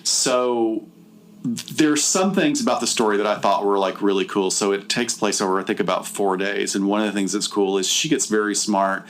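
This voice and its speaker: A middle-aged man co-hosting a podcast, chatting casually and retelling a film, jumping into high put-on voices to quote characters. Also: normal speed, a little hiss or hum. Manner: animated storyteller, jumps into high voices when quoting characters. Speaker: podcast co-host. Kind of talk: casual chat, retelling a film with acted-out lines.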